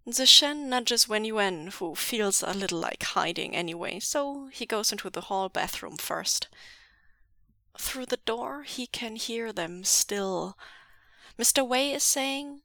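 A woman reading fan fiction aloud as an audiobook, with a measured storytelling delivery. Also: on the high side, expressive, bright, forceful tone, dry recording, clean studio sound. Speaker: podfic reader.

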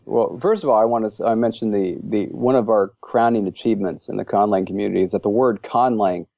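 Guy with a low gravelly voice, dark tone, gushing and rambly, dry muffled lo-fi sound. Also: fairly quick, no room sound. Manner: enthusiastic, rambling with many fillers. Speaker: interview guest, language creator. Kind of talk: casual interview chat.

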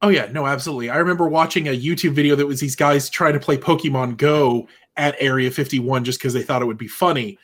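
A man's voice: mid-range voice, fast, few pauses, a bit bright. A man co-hosting a podcast, chatting casually, often agreeing and making wry jokes, also reading out news items. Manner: agreeable, many "mm-hmm" and "oh yeah", wry jokes. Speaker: podcast co-host. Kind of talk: casual chat.

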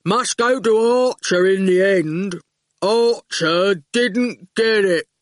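A woman voicing a big, dim-witted male goon who speaks in slow, clipped bursts. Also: medium pitch, no room sound, studio quality, lightly acted. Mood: blunt. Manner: slow, flat, clipped speech.

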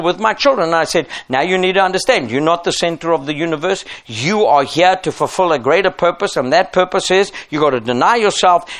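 A man's voice: fairly high pitch, fairly bright tone. A middle-aged man preaching a sermon as pastor, emphatic and driving his points home with rhetorical questions.

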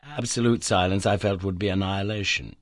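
A man reading a classic adventure novel aloud in measured, low-keyed narration. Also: fairly even intonation, dry recording, clean studio sound. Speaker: audiobook reader. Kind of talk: scripted narration.

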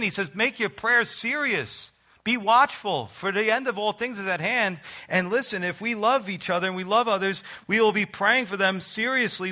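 Bright-voiced New preacher man. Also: sits high. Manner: earnest, conversational preaching with emphatic rises. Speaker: pastor. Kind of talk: sermon with personal testimony.

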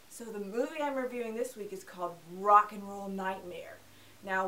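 A woman's voice: fairly high pitch, a bit bright, distant mic, slight background noise, poor audio. A woman hosting a casual film review show, talking in a playful, sarcastic, joking manner. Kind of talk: casual scripted movie review.

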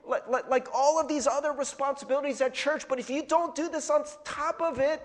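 A man putting on a high, coaxing voice as a fussy church elder pleading for volunteers. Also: big-room sound. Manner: high, sing-song, coaxing pleas.

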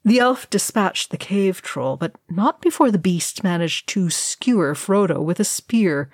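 Slow, measured woman storyteller. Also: on the low side, expressive, a little mellow, no room sound, studio quality. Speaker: audiobook reader. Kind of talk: fan fiction reading.

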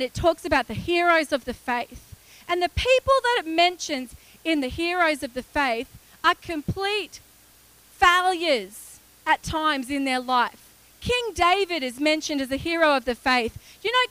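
A woman delivers a sermon in a very high, bright, forceful voice. She is earnest and emphatic, hammering home key phrases through repetition and breaking into frequent chuckles. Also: no echo, rough recording. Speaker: preacher.

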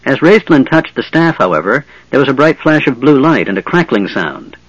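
A man giving a measured, dramatic audiobook narration of a fantasy story. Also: medium pitch, very animated, breathy edge, no echo, dull audio.

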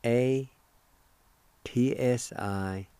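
A man's voice: medium pitch, drawn-out words, warm tone, smooth, no room sound. A man hosting a radio language lesson, spelling words letter by letter and repeating each syllable with care. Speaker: radio host teaching Cherokee words. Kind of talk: slow, careful language lesson.

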